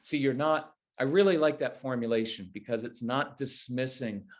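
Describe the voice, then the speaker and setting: Man, interview guest, parenting advice, conversational, animated, acts out quotes, mid pitch. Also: normal speed.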